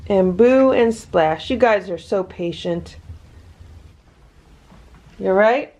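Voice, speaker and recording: A woman's voice: medium pitch, expressive, slow, dark tone. A woman vlogging casually at home about her rescue cats, explaining what they do and talking sweetly to them. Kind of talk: casual narration to camera. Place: home indoors.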